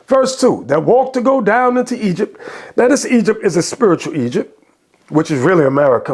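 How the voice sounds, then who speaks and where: A man preaching over video clips with a fiery, impassioned delivery that often rises into shouts. His voice sits high and swoops widely as he quotes and explains scripture. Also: animated, brisk. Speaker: religious commentator.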